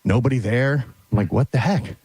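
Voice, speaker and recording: A man on a radio show, excitedly retelling a run-in, a bit out of breath. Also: mid-range voice, brisk, breathy edge, no room sound. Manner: excited, retells a confrontation with lively quoted voices. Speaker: show regular. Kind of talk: animated storytelling on a radio show.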